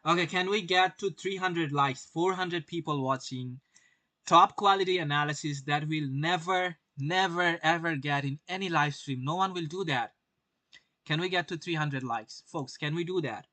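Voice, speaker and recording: A brash young man narrates his live trades to a streaming audience, swearing often and quizzing viewers with rhetorical questions. His voice sits a little high and sounds bright and forceful. The recording is dry and close, with no room sound. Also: moderate pace, no echo. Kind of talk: live-stream market commentary.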